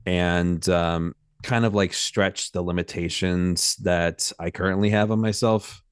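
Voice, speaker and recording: A man with a deep, smooth, resonant voice speaks casually and hesitantly, filling his pauses with ums and likes. The sound is dry and close. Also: dry recording. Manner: hesitant, many fillers. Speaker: voice acting newcomer. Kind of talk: casual chat.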